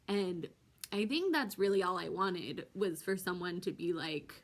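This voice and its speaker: A woman's voice: on the low side, slow. A young woman telling a personal story in a vlog, hesitant and full of ums, emotional and close to tears. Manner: hesitant, many ums and restarts. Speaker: vlogger.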